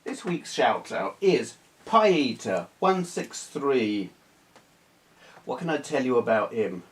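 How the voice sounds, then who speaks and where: A man talks casually to his camera about retro games. He rambles, restarts his sentences and mocks himself, and his pitch sits in the middle. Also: sing-song, slow pace. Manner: rambling, full of restarts and self-deprecating asides. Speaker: retro gaming YouTuber. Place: small hot room under bright video lights.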